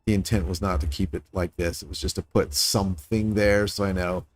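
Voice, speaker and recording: Low-voiced man streaming a game. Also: fairly even intonation, a little fast, no room sound. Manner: thinking aloud, musing and self-critical; talks to chat viewers in passing. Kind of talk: casual live-stream commentary while building.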